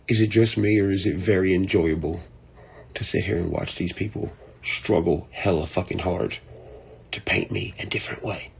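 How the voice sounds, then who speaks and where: Low-voiced man in a profane rant. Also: normal speed, gravelly, husky. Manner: profane, laid-back, rambling. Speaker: content creator. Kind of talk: casual vlog rant.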